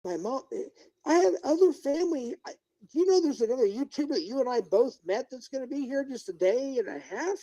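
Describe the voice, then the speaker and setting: A man's voice: very high voice, animated, brisk, warm tone, poor audio. A middle-aged man live-streaming as a YouTuber, ranting indignantly and talking straight to his viewers and chat. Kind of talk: unscripted livestream rant.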